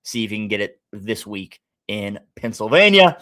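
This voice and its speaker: A man with a Midwestern American accent hosting a live sports stream, chatting casually, thinking aloud and shouting out viewers in the chat. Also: lowish voice, sing-song, normal speed. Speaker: sports betting stream host.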